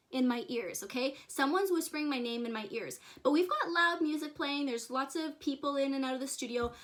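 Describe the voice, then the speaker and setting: A young adult woman telling a spooky personal story to camera in an excitable, chatty way, full of fillers and asides to viewers. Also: high-pitched. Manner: excitable, chatty, lots of "like" and "you guys". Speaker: vlogger and dance teacher.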